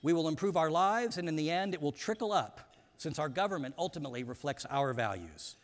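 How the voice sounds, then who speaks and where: A man delivering a prepared speech from a stage in a measured, formal manner, introducing a panel at a conference. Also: a little high, lively intonation. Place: large conference hall. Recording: reverberant hall.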